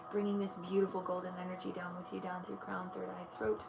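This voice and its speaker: A young woman, an energy healer, guiding a meditation in a soft, slow voice on a live stream. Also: on the low side, completely flat delivery, creaky, background noise. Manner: bubbly and gushing when chatting. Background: music playing.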